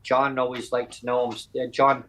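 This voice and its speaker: Male podcast host from Canada; casual, halting talker who restarts often. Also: mid-range voice, level tone, a bit bright, poor audio. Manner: halting, many fillers and restarts.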